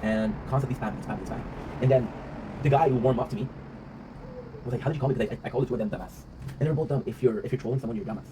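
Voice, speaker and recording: Rapid-talking man, rambling vlog monologue. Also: mid-range voice. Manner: rambling, reflective, swears freely, often tags "right?". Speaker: vlog host. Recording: noisy ambient background.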